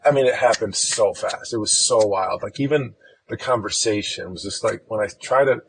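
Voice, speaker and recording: A man's voice: lowish voice, normal speed, vocal fry, a little hiss or hum, low-quality recording. A man from Chicago, a podcast guest, telling a personal story in an easygoing, rambling way.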